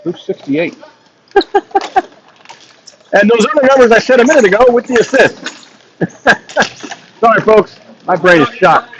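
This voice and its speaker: A man with a high, bright-ish voice and big pitch swings speaks a little slowly and pauses often while calling live ball hockey from beside the rink. The lo-fi audio has a little hiss or hum, and he's chatty, self-mocking, and laughs frequently.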